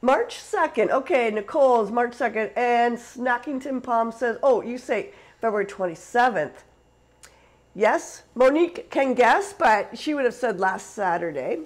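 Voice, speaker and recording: A woman from Canada hosts a casual live cooking stream. She talks to her viewers in a chatty way and laughs often as she cooks. Her voice sits a little high. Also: expressive, a little slow, poor audio. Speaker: cooking show host.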